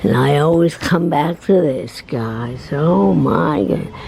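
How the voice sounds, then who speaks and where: A woman's voice: deep voice, expressive, slow, creaky, a crowd in the background, low-quality recording. A woman chatting casually as she walks through a record shop, recording a vlog on a handheld phone, rambling and laughing easily. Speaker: vlogger and DJ. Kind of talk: casual walking-tour vlog. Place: record shop, indoors, walking around.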